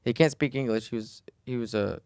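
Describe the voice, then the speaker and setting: A man, co-hosting a podcast, telling a story in a casual, animated way and swearing freely. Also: medium pitch, fairly quick, clean tone, no room sound, clean studio sound. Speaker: podcast co-host.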